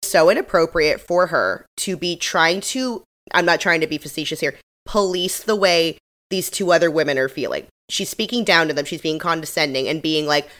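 A woman's voice: low-pitched, moderate pace. A woman co-hosting a podcast, recapping a TV episode in casual chat and acting out quotes. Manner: animated retelling with acted-out quotes. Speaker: podcast co-host.

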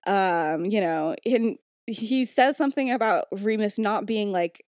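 A young woman hosts a podcast and retells a story casually, chatty and giggly, filling her sentences with "like" and "um". Her voice sits in a middle pitch and comes through close and dry. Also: animated, measured pace, darkish tone, dry recording. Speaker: podcast host.

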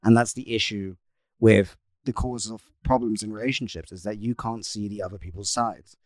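A man's voice: lowish voice, fairly even intonation, moderate pace, a little mellow, dry recording, clean studio sound. A young man in a casual podcast chat, giving earnest, reflective advice. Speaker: podcast co-host.

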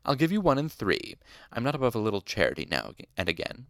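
A man's voice: medium pitch, wildly swooping pitch, quick pace, vocal fry, no echo, clean studio sound. A man reading an audiobook, voicing a haughty, condescending rich young nobleman student. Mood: smug. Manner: smug, clipped and condescending.

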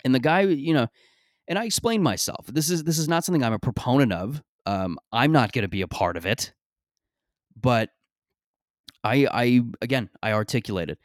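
A man hosting a podcast, telling stories in a rambling, profane, animated way, often stammering and restarting his sentences. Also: medium pitch, normal speed, dry recording, clean studio sound. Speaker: podcast host. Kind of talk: casual comedic monologue.

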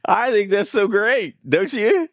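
High-voiced pastor preaching slowly, folksy. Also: male voice, lively intonation, dry recording, studio quality. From Indiana. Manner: folksy, joking asides to the congregation. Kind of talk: sermon. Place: church sanctuary.

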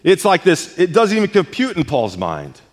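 A man's voice: high-pitched, huge pitch swings, moderate pace. A male pastor preaching a sermon, emphatic and repeating words as he presses a point. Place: church sanctuary. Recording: long church hall reverb.

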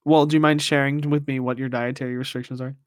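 A man's voice: mid-range voice, little pitch movement, fast, no room sound, clean studio sound, natural voice. A man playing a polite but flustered male shop clerk in an improvised comedy sketch, stammering and giggling.

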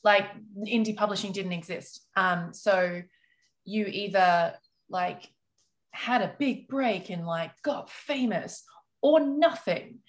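A woman's voice: medium pitch, slow. A woman author losing her voice to a cold, telling her story in a frank, rambling way with many fillers. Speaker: author guest. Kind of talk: casual storytelling answer.

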